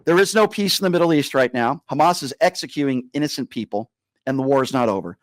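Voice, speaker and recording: A man hosting a live call-in radio show, berating a caller and slowing down to lecture him. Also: medium pitch, no echo, rough recording. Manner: combative, insulting, slows down to lecture. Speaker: radio talk show host.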